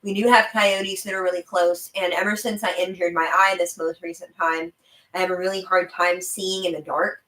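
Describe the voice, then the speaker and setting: A woman's voice: fairly low pitch, little pitch movement, normal speed, fairly bright tone. A young woman with a faint Southern US accent, chatting casually on a live stream, rambling with frequent laughs. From American South. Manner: chatty and rambling, laughing often, talking to her dog. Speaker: livestream host. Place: room in her house. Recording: roomy home recording.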